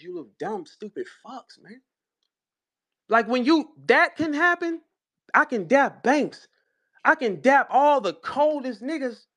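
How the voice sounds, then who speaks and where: A man with a St. Louis accent, a battle rapper talking casually in a live audio room, boastful, profane and preachy. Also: very high voice. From St. Louis, USA.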